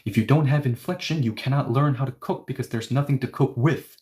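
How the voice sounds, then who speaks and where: A man's voice: medium pitch, fairly quick, darkish tone. A man teaching a language lesson online, explaining points emphatically and repeating example phrases.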